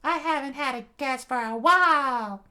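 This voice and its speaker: A man's voice: extremely high pitch, moderate pace, pushed and bright, voice pushed up, exaggerated voice. A man voicing a huge, jolly male giant who bellows with laughter, in a loose reading of a comic. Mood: jolly booming.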